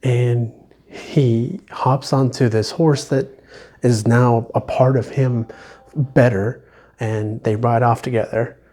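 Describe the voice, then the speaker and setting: Slow, mellow-voiced man reviewing a book. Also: medium pitch, fairly even intonation. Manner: halting, with many restarts and small laughs. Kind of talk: casual video book review.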